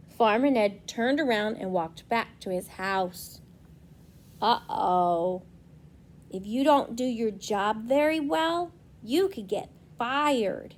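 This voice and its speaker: A young woman, a preschool teacher, reading a storybook aloud to children and gently asking them questions. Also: a little high, slow.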